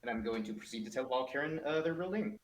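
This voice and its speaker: A man's voice: mid-range voice, lively intonation, quick pace. A man playing in a tabletop game, laid-back and a little hesitant. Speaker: player. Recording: roomy, distant mic, faint noise.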